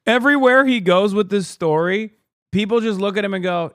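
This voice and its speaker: A man's voice: high voice, moderate pace, fairly bright tone, no echo, studio quality. A man streaming live, commenting sarcastically and mocking his critics.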